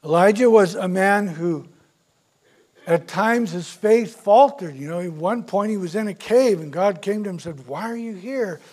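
A male pastor preaching a sermon, retelling scripture stories with big swings from loud to soft. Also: high voice, normal speed. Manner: storytelling, dramatic swings in loudness.

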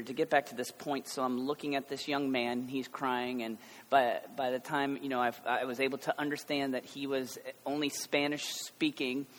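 A man's voice: medium pitch, fairly bright tone. An American man in his thirties preaching a conversational sermon with joking asides, building to emphatic passion. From United States. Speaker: pastor. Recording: long hall reverb.

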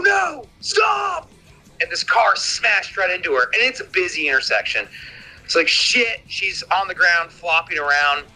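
A young man telling a listener story in a rambling, profane, animated way, on a voicemail. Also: fairly high pitch, low-quality recording.

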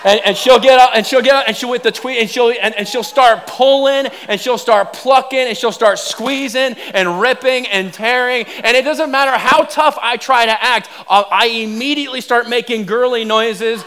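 A man with a higher-than-usual voice, preaching to his congregation. He tells comic, self-deprecating stories with animated energy before turning to a serious point. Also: normal speed, hardly any pauses. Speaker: pastor. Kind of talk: sermon.

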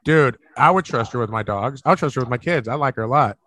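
A man's voice: medium pitch, expressive, fast, bright, forceful tone, no room sound. A young man hosting a casual podcast over a video call, rambling and swearing, often laughing. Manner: profane, rambling, laughs a lot. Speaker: podcast host.

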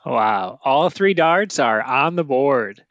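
A man's voice: medium pitch, lively intonation, slow pace, a bit bright, no echo, lo-fi sound. Man co-host, dry wit, teasing asides, dry close-miked sound. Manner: dry teasing quips, plays along. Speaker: trivia show co-host. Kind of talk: casual trivia banter.

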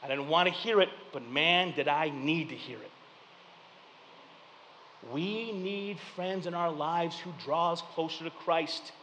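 A man in his thirties preaching a sermon, telling personal stories with lively swings between loud punchlines and hushed reflection. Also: a little high, unhurried, big-room sound, muffled recording, slight background noise. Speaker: pastor.

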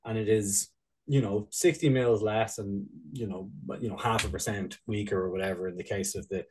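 A man's voice: fairly low pitch, steady tone, moderate pace, noisy background. A man in casual podcast chat, rambling and laughing, with frequent swearing. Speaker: podcast co-host.

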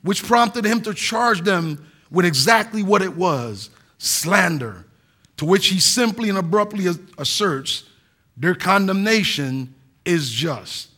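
A man's voice: high-pitched, lively intonation, takes it slowly, sharp tone. A middle-aged man, a pastor, preaching a sermon in an earnest, emphatic way with a few restarts.

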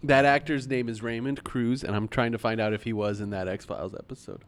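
A man's voice: mid-range voice, steady tone, a little fast. A man chatting casually about movies, full of trivia and enthusiasm.

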